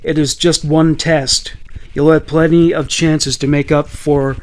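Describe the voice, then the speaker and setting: A man voicing a frightened male schoolteacher who tries to calm a student in a true-crime story. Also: a little high, measured pace, lightly acted. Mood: pleading. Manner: pleading, placating.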